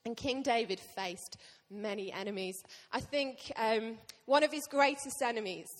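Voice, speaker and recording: A woman pastor preaching a sermon to her church, lively and joking with the congregation. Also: a little high, measured pace. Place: church hall. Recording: long reverb of a church hall.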